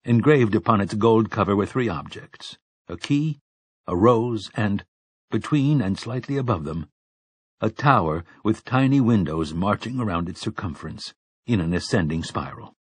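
A man narrating an audiobook in a steady, measured reading. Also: on the low side, husky, dry recording. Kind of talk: scripted narration.

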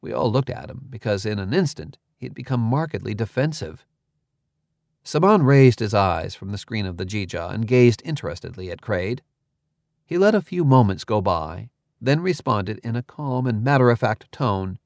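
Casting: male audiobook narrator, first person, measured, dry close mic. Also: fairly low pitch, lively intonation, creaky, a little mellow, no echo.

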